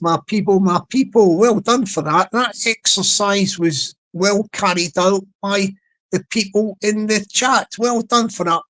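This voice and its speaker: A man hosts a relaxed live stream and talks at an unhurried, drawn-out pace. He repeats a catchphrase in a playful chant and keeps urging his chat to join in, checking with them as he goes. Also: sits high, low-quality recording. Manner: repetitive, playful, drawn-out delivery.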